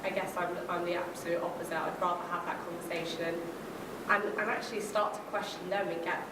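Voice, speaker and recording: A woman in the audience answers thoughtfully and at a measured pace, with a fairly low voice. She sounds far from the mic in a strongly echoing room. Loud noise runs underneath her voice. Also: flat delivery. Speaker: audience member. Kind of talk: casual answer in a Q&A.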